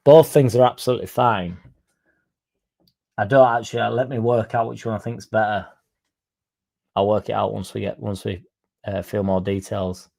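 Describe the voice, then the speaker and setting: A man's voice: lowish voice, fairly even intonation, moderate pace, vocal fry, pauses often, darkish tone. A young man hosting a football fan livestream, chatting sarcastically and reading out viewer comments. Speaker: fan channel host.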